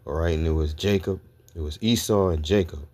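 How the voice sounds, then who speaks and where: Deep-voiced man preaching from scripture. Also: fairly quick, mellow. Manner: reads scripture aloud, peppers talk with "all right?" and "okay?". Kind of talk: scripture teaching sermon.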